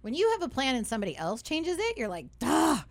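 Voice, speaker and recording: A woman's voice: sits high, wildly swooping pitch, fast talker. A young woman hosting a radio talk show in a studio, upbeat and chatty, full of fillers and tag questions.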